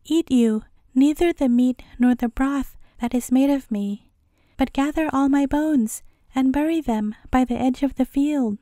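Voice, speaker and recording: A woman's voice: sits high, a little slow, mellow, no echo, clean studio sound. A woman voicing a solemn enchanted mother sheep.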